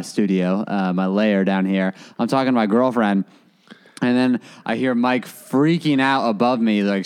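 A man's voice: medium pitch, clean tone. A man, co-hosting a podcast and telling stories in amused banter. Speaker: podcast co-host. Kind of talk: casual podcast chat.

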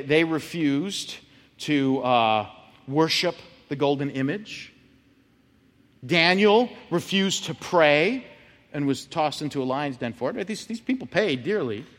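A man's voice: on the high side, a bit bright, big-room sound. A male pastor giving a sermon in a conversational way, often checking in with "right?". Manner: conversational, frequent "right?" asides.

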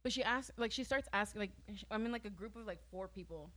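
A woman's voice: medium pitch, quick pace, a bit bright. A young woman in her twenties chatting casually as a podcast co-host, telling stories with lots of filler words and easy laughter. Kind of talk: casual chat.

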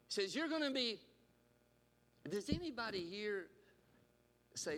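Preacher in a reverberant hall. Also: male voice, sits high, expressive, normal speed, pauses often, fairly bright tone. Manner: storytelling, paraphrasing scripture in voices. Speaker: pastor. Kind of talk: sermon.

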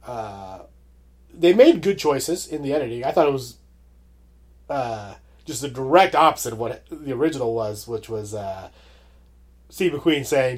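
Husky-voiced man reviewing a movie. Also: medium pitch, animated, darkish tone. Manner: measured, agreeable, frequent short assents. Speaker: podcast co-host. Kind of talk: casual movie review chat.

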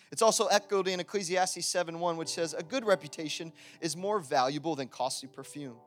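High-voiced preacher man, casual and emphatic. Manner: casual, conversational preaching with swings into loud emphatic bursts. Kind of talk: sermon.

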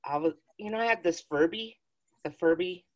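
A woman's voice: on the low side, normal speed, dull audio. A woman co-hosting a casual podcast, telling rambling stories with giggles and plenty of swearing. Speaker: podcast co-host. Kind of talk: casual chat.

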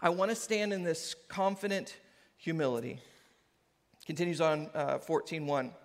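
A man preaching a sermon in an animated way, often laughing and acting out what people say. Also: a little high, moderate pace. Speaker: pastor. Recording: hall reverb.

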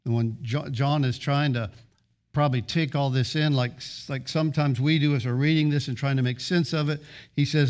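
A man's voice: fairly high pitch, moderate pace. A man preaching a sermon, building emphatic rhythmic lists of short phrases and often restarting his words as he presses a point. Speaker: pastor.

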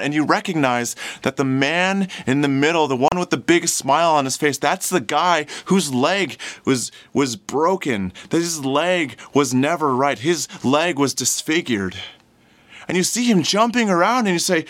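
A male preacher in the middle of a sermon, turning a scripture passage into a lively second-person story. He drops to a low, quiet voice for sad moments and climbs much higher and louder as the scene turns joyful, acting out each person's words in quotes. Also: normal speed.

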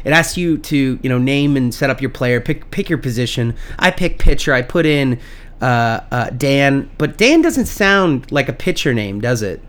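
A man's voice: medium pitch, animated, moderate pace. A young man co-hosting a casual comedy podcast, joking, swearing and exaggerating for laughs. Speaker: podcast co-host.

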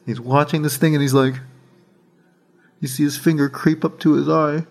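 A man's voice: a little high, creaky. A man hosting a casual chat, telling a story with energy, swearing and acting out what others said. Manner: animated, slangy storyteller who swears and says dude and bro; acts out others' words in quick asides.

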